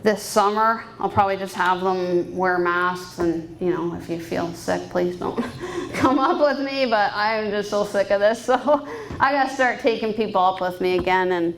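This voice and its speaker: This is a low-quality recording from a banquet hall, where a woman in her thirties from Canada addresses a fundraising dinner. She's a private pilot and guest speaker, and her medium-pitched voice moves at normal speed through an open, upbeat story punctuated by plenty of laughter.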